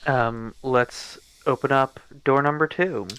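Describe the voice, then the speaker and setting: A man's voice: medium pitch, takes it slowly, fairly bright tone, clean tone, low-quality recording. A man co-playing a game on a stream, giving playful remarks. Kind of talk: casual game stream chat.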